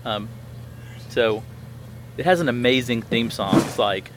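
A man's voice: mid-range voice, measured pace, pauses often, slight background noise. A man in his thirties hosting a podcast, telling a story in a rambling way with many fillers and restarts. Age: 30s. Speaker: podcast host. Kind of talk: casual chat.

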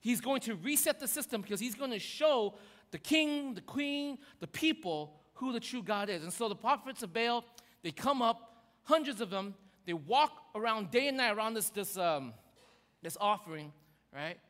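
A man preaching a sermon, telling the story in a lively, animated way and acting out quotes with sudden swings in loudness. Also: high-pitched, moderate pace. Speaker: pastor. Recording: long hall reverb.

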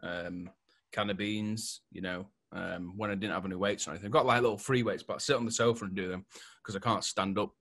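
Casual male podcast host, low voice with a bright edge, rambling and jokey. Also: fast talker, creaky. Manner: laughs a lot, swears freely, rambling. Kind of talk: casual chat.

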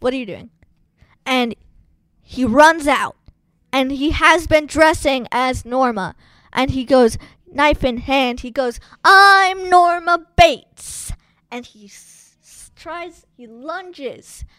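Co-host, woman, high voice, slow unhurried delivery, chatty film recap. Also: no echo, studio quality. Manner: chatty, animated storytelling. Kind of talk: casual film recap chat.

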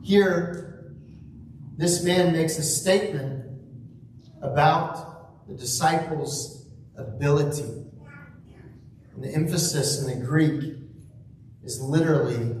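A man preaching a sermon slowly and reflectively, asking rhetorical questions. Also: fairly high pitch, a little mellow, a little hiss or hum. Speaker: pastor. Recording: echoey room, mic at a distance.

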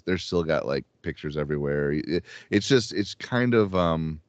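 A man's voice: low voice, animated, a little fast, few pauses, no echo. A man in a casual discussion, talking hesitantly with many fillers and restarts. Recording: dull lo-fi dry sound.

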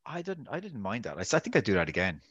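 A podcast co-host with a lowish voice, recorded close and dry. He talks in a wry, self-mocking way, with plenty of hesitations. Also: huge pitch swings, rapid-fire, fairly bright tone, husky, no echo, lo-fi sound. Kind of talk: casual podcast chat.

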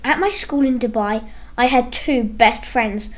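A woman reading a first-person story aloud in an earnest, expressive way. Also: fairly high pitch, unhurried. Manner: earnest, expressive read-aloud with acted quotes.

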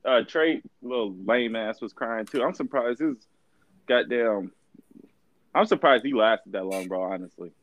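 A young man talks loosely with his friends, in a slangy and rambling way, and drops bro into nearly every line. His voice sits at an ordinary middle pitch. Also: unhurried, dry recording, dull audio. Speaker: friend in group chat. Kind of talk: casual chat.

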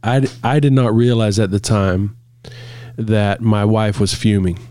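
Man, low voice, couples therapist, podcast chat, storytelling, dry close mic. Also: measured pace, no room sound. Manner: relaxed storytelling, laughs often. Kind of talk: casual podcast conversation.

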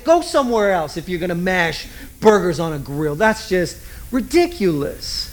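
Guy with a high voice preaching, chatty and jokey, keeps asking the crowd questions. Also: big pitch swings, moderate pace. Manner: conversational and joking, with rhetorical questions to the congregation. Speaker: pastor. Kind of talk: sermon.

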